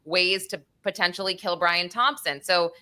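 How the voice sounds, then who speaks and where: Bright, animated woman telling a story. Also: fairly low pitch, normal speed. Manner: animated storytelling, acts out quotes. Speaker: podcast co-host. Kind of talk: casual true-crime chat.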